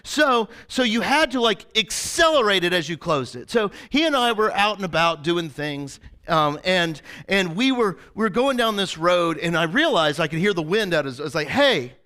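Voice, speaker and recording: A male pastor spins a rambling, animated story in his sermon, tossing "right?" to the congregation again and again. His voice sits high and sounds sharp and bright. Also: normal speed, few pauses. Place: church service before a congregation.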